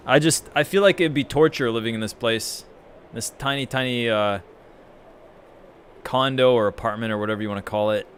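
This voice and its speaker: Smooth-voiced, profane gaming streamer man. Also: mid-range voice, fairly bright tone. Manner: rambling, profane, reads and answers chat. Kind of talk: casual live-stream chat while gaming.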